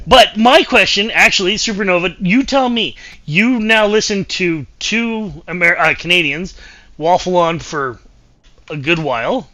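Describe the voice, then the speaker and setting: Bright-voiced chatty male streamer. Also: sits high, a little slow. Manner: rambling, repeats himself, chatty. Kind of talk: casual gameplay chat.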